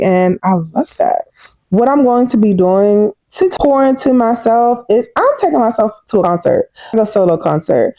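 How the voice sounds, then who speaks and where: A woman in her thirties talking casually and warmly to her viewers in a personal vlog, chatty and heartfelt. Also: medium pitch, moderate pace, dry recording. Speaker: vlogger.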